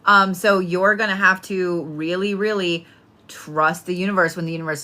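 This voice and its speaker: A woman chats her way through a horoscope reading, blunt, playful and quick to swear. Her voice is bright and forceful, sitting a little low for a woman. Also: fairly even intonation, slight background noise. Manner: blunt, profane, chatty, playful. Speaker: tarot and astrology reader. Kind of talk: casual spoken horoscope reading.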